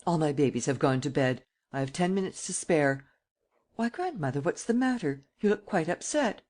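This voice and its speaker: A male narrator voicing a bright, charming young woman speaking lightly. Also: fairly high pitch, normal speed. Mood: cheerful. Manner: lively, affectionate.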